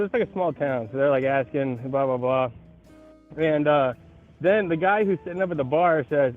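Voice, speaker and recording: Male caller, casual and animated, phone-line sound, soft music behind him. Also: fairly high pitch, moderate pace. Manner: animated, acts out the voices of people in his story. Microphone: phone call.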